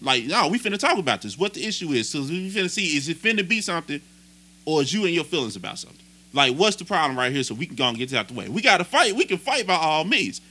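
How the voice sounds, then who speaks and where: A young man co-hosting a podcast, telling a story in casual, animated, profane chat. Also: on the high side, fast, breathy edge. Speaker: podcast co-host.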